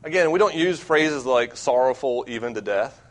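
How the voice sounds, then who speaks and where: A young man preaching as a campus minister, earnest and self-deprecating, with wide swings between loud and quiet. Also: mid-range voice, animated, normal speed. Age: young adult. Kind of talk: sermon.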